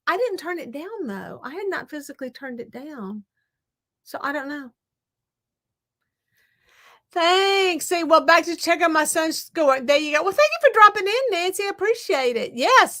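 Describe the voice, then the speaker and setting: A woman's voice: high voice, animated, normal speed, sharp tone, no echo. A middle-aged woman hosting a casual craft livestream, chatting straight to viewers and laughing often.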